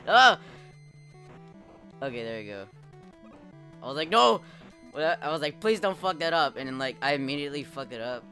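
A young man commenting live on his gameplay, swearing a lot, laughing often and yelling at the game when he fails. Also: fairly high pitch. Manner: profane, excitable, laughs often, shouts at the game. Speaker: streamer playing a retro game. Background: game music.

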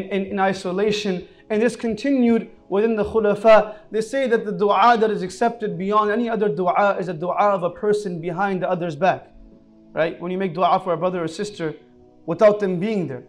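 A man preaching an Islamic sermon, telling stories earnestly and moving between soft, low passages and raised, emphatic ones.

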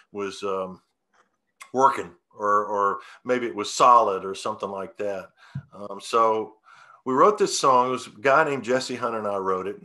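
A male songwriter talking in a relaxed, rambling interview, often restarting his sentences and chuckling as he explains how he came to write a song. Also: mid-range voice. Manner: rambling, self-correcting, chuckling. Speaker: songwriter guest. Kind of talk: casual interview talk.

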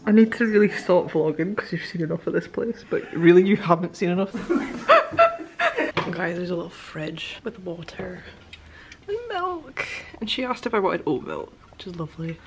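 A woman's voice: on the low side, expressive, moderate pace. Giggly, gushing young woman. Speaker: vlogger. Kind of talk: casual vlog chat. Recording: noisy phone vlog audio.

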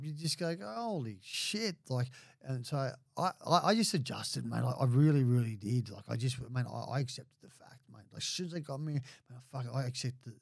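A man's voice: medium pitch, gravelly, dry recording, clean studio sound. A middle-aged Australian man telling stories bluntly in a casual podcast chat, full of swearing and acted-out quotes. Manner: blunt, sweary, animated when quoting others. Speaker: podcast guest.

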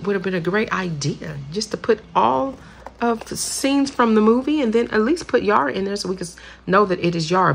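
A woman with a medium-pitched, creaky, fairly bright voice chats casually through a haul video, showing off her purchases over slight background noise. She gushes enthusiastically and says "y'all" often.

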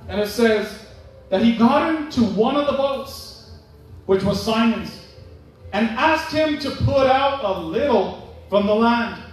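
A man preaches in a church sanctuary, calling out for amens and acting out little scenes of dialogue. His voice sits unusually high. The recording is distant and drenched in the echo of a large hall. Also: expressive, takes it slowly. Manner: calls for amens, acts out imagined dialogue. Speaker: pastor. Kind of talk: sermon. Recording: echoey church hall from far off.

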